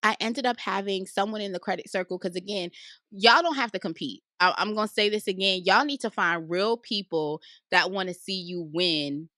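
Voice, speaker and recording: A woman guest talking business in an animated, casual interview, loud and given to cackling laughs. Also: mid-range voice, normal speed, dry recording, studio quality. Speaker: podcast guest, credit consultant.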